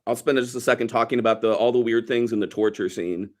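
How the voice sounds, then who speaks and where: Co-hosting a casual movie podcast, a man with a medium-pitched, slightly mellow voice talks fast. He rambles wryly and swears casually while picking apart scenes in a relaxed review chat.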